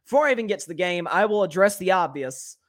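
A man hosting a solo sports talk show, giving animated and opinionated commentary and often repeating words as he thinks. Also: high-pitched, quick pace. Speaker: sports podcast host.

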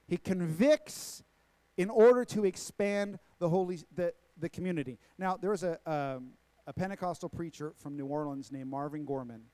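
High-voiced man preaching a sermon. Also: mellow. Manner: preaching with emphatic repetition and rhetorical questions. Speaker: pastor. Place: church sanctuary.

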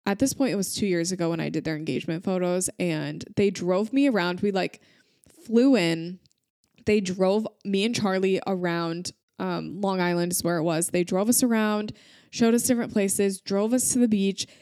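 A woman's voice: mid-range voice, moderate pace, a little mellow, no room sound. Gushing woman podcast host, dry sound. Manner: gushing, emotional, talks with many fillers. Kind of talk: reading listener stories aloud, casual chat.

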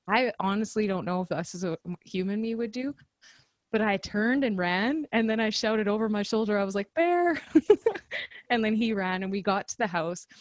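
A woman's voice: medium pitch, dry recording. A woman co-hosting a podcast, telling a story in casual chat and laughing often. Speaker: podcast co-host.

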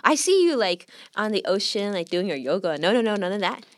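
Lively-voiced woman host, laughing along. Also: mid-range voice, a little fast, dry recording, clean studio sound. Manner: laughing, encouraging interjections. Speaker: podcast host. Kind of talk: casual chat.

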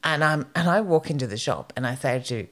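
A middle-aged Australian woman with a low-pitched voice that leaps up and down as she tells a story. She talks in a casual, animated way, swearing freely as she chats with her co-host. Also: a little fast. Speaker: podcast co-host. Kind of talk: casual chat.

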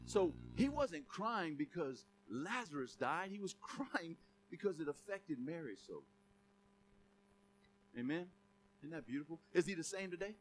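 Bright, high-voiced male preacher. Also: slight background noise. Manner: conversational and joking, with asides and laughs. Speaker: pastor. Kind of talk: sermon.

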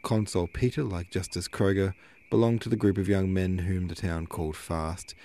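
A man narrating a classic novel aloud in a measured reading, now and then correcting a slip. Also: low-pitched, fairly even intonation, mellow. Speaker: audiobook narrator.

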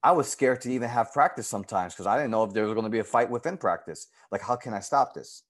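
A man, a girls' softball coach, telling his personal story in an interview in an earnest, emotional way. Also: fast talker. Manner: earnest and emotional, lively pitch swings when retelling moments.

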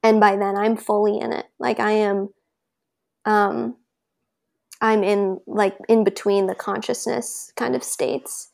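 A woman's voice: mid-range voice, level tone, slow pace, creaky, darkish tone. A woman as an interview guest, telling a personal story in a chatty, loose way with many filler words. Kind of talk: casual conversational storytelling.

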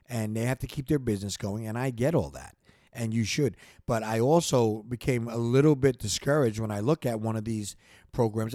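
A man's voice: medium pitch, dark tone, dry recording. A man in the middle of a fired-up podcast monologue, talking straight to his listeners. He repeats himself, stumbles over words, and keeps pushing the same point with rising energy. The sound is close and dry, with no room around it. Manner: passionate, repetitive, gets worked up then apologizes. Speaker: podcast host.

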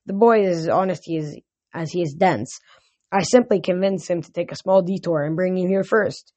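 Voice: mid-range voice, moderate pace, warm tone, natural voice. Reader putting on a cruel grumbling death god. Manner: gruff and sarcastic.

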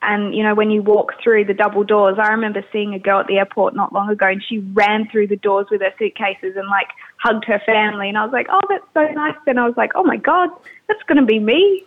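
A woman from Australia with an Australian accent, chatting in a bubbly, excitable way as a radio co-host. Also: mid-range voice, fast, hardly any pauses. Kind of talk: casual chat on a phone line. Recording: tinny phone line.

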